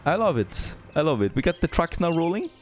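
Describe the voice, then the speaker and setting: A man who is not a native English speaker, thinking aloud and getting excited as he comments on a city-building game. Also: fairly high pitch, fairly quick, soft background music. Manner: thinking aloud, easily excited, frequent "there you go". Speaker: gameplay commentator. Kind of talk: let's play commentary.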